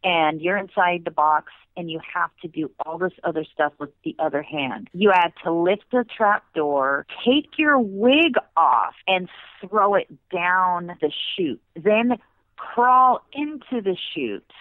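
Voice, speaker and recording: A woman and former theme park performer, telling stories in a casual, animated way as an interview guest. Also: lowish voice, slow pace, no room sound. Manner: animated, with bursts of laughter. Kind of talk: casual storytelling. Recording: tinny phone line.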